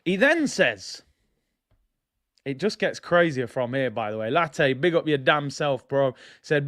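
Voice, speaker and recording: A man's voice: mid-range voice, measured pace. A young man hosting a fan channel, ranting in casual slangy commentary. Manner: animated, slangy, ranting with laughs. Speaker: football fan channel host.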